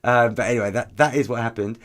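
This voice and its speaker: A man, a podcast guest and activist, telling stories in an animated, chatty way with frequent ums. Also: medium pitch, quick pace. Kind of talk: conversational podcast interview.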